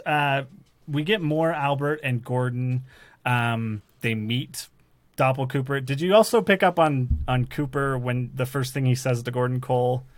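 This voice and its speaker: A man's voice: mid-range voice, dry recording. A man hosting a podcast, breaking down a TV show in a casual, rambling way with lots of restarts. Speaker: podcast host. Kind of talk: casual chat.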